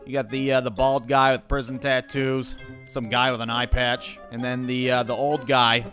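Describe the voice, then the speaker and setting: A man narrates a cartoon story with a medium-pitched voice and a sardonic, swearing delivery. Faint music plays underneath him. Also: flat delivery, moderate pace, a bit bright. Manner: profane, sardonic. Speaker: comedic storyteller.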